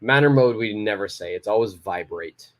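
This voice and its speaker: A man's voice: on the low side, normal speed. A man teaching a beginner English lesson, praising students and stressing key words as he explains. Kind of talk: live online English lesson.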